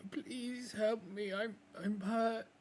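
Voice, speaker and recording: A man voicing a hurt, whimpering young male wolf who pleads in a halting way. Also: sits high, steady tone, a little mellow, a little hiss or hum, pitched above the performer's own voice. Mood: pleading.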